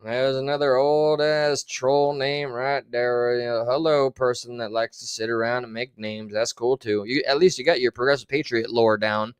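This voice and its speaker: A man's voice: medium pitch, fairly even intonation, normal speed, few pauses, smooth, no room sound. A man commenting on clips in a livestream, blunt and sarcastic, with a lot of swearing. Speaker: streamer commentator. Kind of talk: profane commentary over played clips.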